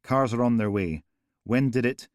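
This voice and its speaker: A man playing a firm, steady police operator. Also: mid-range voice, moderate pace, no echo, studio quality, voice pushed up, close to an everyday voice. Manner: firm, insistent, controlled.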